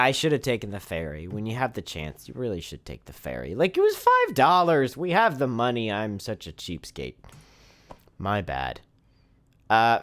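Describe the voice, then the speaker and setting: A man with a lowish, somewhat bright voice casually commentates his gameplay stream. He reads the game text out loud and keeps up a self-deprecating running joke about himself, let's-play style.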